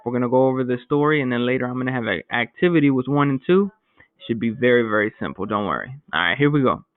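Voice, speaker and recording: A man's voice: medium pitch, fast, no echo. Casual man teaching a Spanish class. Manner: casual, joking, explains step by step. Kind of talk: recorded remote language lesson. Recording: dry, phone-like lo-fi sound.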